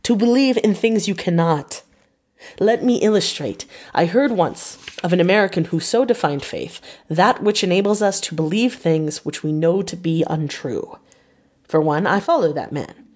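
A woman's voice: fairly low pitch, normal speed, a little mellow, lightly acted. A woman reading an audiobook and voicing an elderly, earnest Dutch professor who speaks in solemn, broken formal phrasing. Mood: earnest lecturing.

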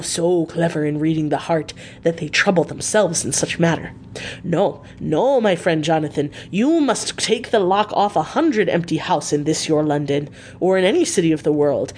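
A woman's voice: low voice, a little mellow, slight background noise. Woman doing an old foreign professor, earnest. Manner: earnest, coaxing, with broken formal English. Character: elderly foreign male professor, earnest vampire hunter.

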